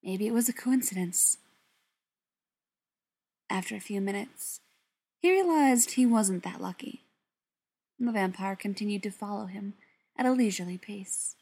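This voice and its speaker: A woman reading a story aloud in a soft, often half-whispered voice. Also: mid-range voice, measured pace, long pauses, slightly rough. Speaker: narrator. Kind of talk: audiobook narration.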